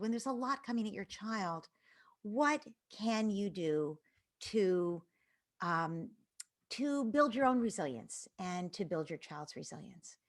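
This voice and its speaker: Speaking at a medium pitch, a parenting educator gives a live online talk to parents. She is earnest, and her phrases trail off into breathy near-whispers.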